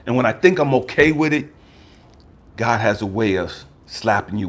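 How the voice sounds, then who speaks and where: An American man in his fifties, a life coach giving a personal testimony talk, emphatic and profane, swinging from raised outbursts to low murmurs. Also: lively intonation, moderate pace. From United States. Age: 50s.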